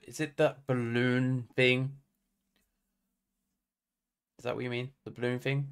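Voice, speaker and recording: A man's voice: medium pitch, little pitch movement, slow pace, clean tone. An English man casually commenting on a game for his live chat, humming idle tunes between remarks. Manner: hums idle tunes while playing, talks to chat casually. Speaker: game streamer.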